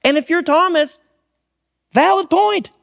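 A male pastor with a high voice delivers a sermon in a loose, conversational way. He fills his talk with "you know" and "like," and often restarts his sentences. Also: unhurried, vocal fry. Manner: conversational, relaxed with frequent fillers and restarts.

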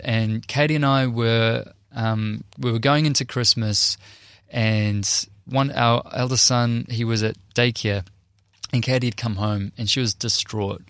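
A man's voice: medium pitch, fairly bright tone, no room sound, clean studio sound. A young man earnestly telling a personal testimony in a conversational way. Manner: earnest, conversational, emotional retelling. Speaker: Christian speaker and performer.

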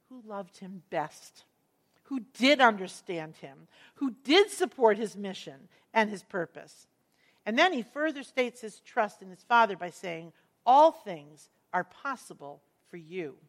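A woman teaching a Bible passage, earnest and emphatic, slowing down to stress key words as she explains the verses. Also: fairly high pitch, sharp tone.

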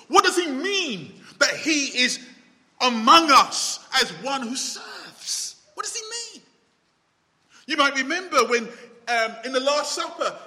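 A man preaching a sermon, dramatic, swinging between loud exclamations and hushed low asides. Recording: long hall reverb.

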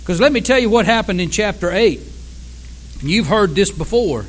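A man preaching a sermon as pastor, swinging from loud cries to hushed tones. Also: high-pitched, lively intonation, moderate pace, rough recording. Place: church sanctuary.

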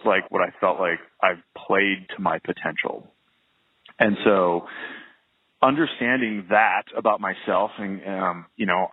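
A low-voiced man with a husky, slightly rough tone talks casually about his career as a trumpet player. He rambles and restarts sentences, leaning on fillers as he thinks aloud. His voice comes through a narrow, phone-like line. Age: adult, well past early twenties. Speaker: professional trumpet player, interview guest. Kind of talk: casual conversational interview.

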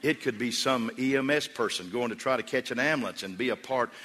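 Bright-voiced preaching pastor in a reverberant hall. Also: male voice, medium pitch, a little fast. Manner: preaching with swings from hushed storytelling to loud emphatic calls. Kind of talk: sermon. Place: church sanctuary.

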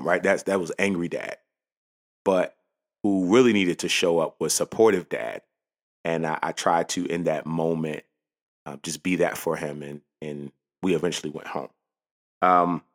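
Deep-voiced earnest man, podcast host. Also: normal speed, a bit bright. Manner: earnest, folksy, many fillers and restarts. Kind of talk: casual spoken storytelling.

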